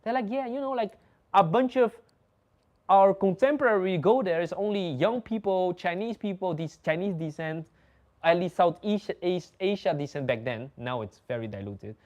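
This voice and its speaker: A man's voice: high voice, normal speed, muffled recording. A young man from the Netherlands, hosting a casual chat and telling stories in a loose, swearing, laughing way. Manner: animated, swearing, laughing storyteller. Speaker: host.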